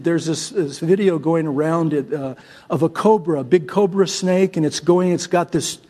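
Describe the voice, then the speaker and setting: A male pastor from Syria preaching a sermon, swinging from loud exhortation to soft, conversational storytelling. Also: high-pitched.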